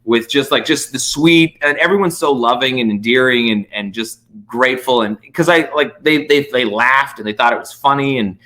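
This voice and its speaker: A man, a podcast guest, telling stories in casual, animated chat full of fillers and swearing. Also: medium pitch, normal speed, few pauses. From United States.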